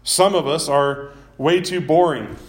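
Preaching from a church on a live stream, this man keeps his sermon easygoing and conversational, sprinkling in self-deprecating remarks. He speaks at an unhurried pace with a fairly high pitch.

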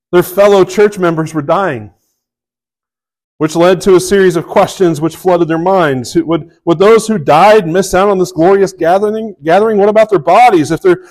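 A man's voice: high-pitched, darkish tone, low-quality recording. A man preaching a sermon in a conversational way, often checking in with his listeners and reading scripture aloud with rising emphasis. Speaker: pastor.

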